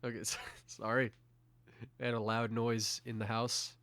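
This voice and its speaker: A man's voice: medium pitch, little pitch movement, normal speed, a bit bright, no room sound. A man co-hosting a casual podcast from home, hesitant and searching for words, often laughing. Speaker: podcast co-host. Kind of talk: casual chat.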